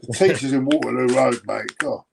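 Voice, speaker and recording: A man's voice: medium pitch, a little fast, gravelly, background noise. A man joking crudely in a casual football watchalong chat. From Finsbury Park, London. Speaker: co-host.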